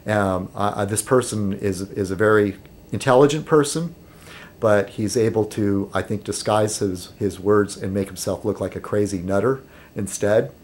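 A fairly low-voiced man talks loosely to his camera at home, stumbling over fillers and starting sentences again. He gets animated when mimicking others, and a slight hiss or hum sits under the recording.

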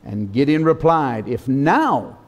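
A man's voice: a little high, lively intonation, unhurried, darkish tone. A male pastor preaching a sermon, reading scripture dramatically and leading the congregation to repeat words back. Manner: dramatic reading, leads the congregation in call-and-response. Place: church sanctuary.

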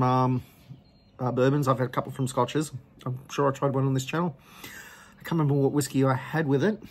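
Relaxed man talking through a whisky tasting. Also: mid-range voice, husky. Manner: relaxed, hesitant with frequent ums. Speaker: whisky channel host. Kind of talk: casual tasting commentary.

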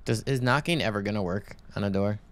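A man's voice: on the low side, quick pace, a little hiss or hum. A man casually commenting while playing a horror game, rambling, reading game text aloud and swearing when startled. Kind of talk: casual let's-play commentary.

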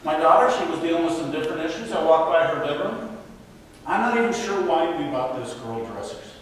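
A man's voice: a little high, a little fast, a little hiss or hum. A man giving a faith-based parenting talk, telling stories with acted quotes. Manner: animated storytelling with acted quotes. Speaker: parenting speaker. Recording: echoey hall from far off.

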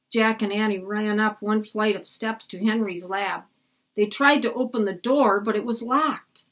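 A little slow and a bit bright, a woman's voice tells a children's chapter book as a read-aloud. She lifts her pitch for the kids' dialogue and lowers it for the narrating parts.

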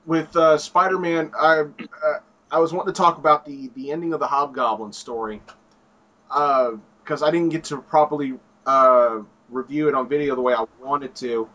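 A man's voice: a little high, moderate pace, bright, forceful tone, lo-fi sound. A man hosting a comic book chat, rambling casually and acting out lines he quotes. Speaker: comic book video reviewer.

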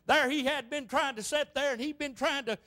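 A man pastor delivers an impassioned sermon in a church, his voice pitched unusually high for a man. He presses each point with frequent amens. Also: brisk, pushed and bright. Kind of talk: fervent sermon.

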